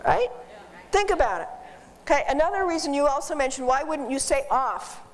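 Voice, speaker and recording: A woman instructor teaching dog behavior to a live class in an animated, joking way, quizzing the class as she goes. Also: high-pitched, brisk. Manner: animated, jokey, asks the class questions. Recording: roomy hall from a distance.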